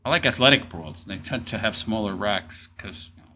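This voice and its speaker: A man's voice: on the low side, animated, brisk, pushed and bright, a little hiss or hum. A man commenting sarcastically over an interview clip, mocking and talking back at it. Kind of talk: casual reaction commentary.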